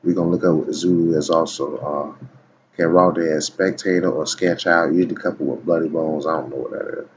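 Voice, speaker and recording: A man's voice: very deep voice, steady tone, fairly quick. A man reading dictionary entries aloud in a casual video, stopping often to tell the listener to watch and keep listening. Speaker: video blogger. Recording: dull lo-fi recording with faint background noise.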